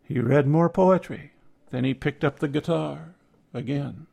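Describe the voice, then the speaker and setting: An older man narrating a reflective personal essay in a measured, contemplative way. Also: fairly high pitch, creaky, a little mellow, breathy edge.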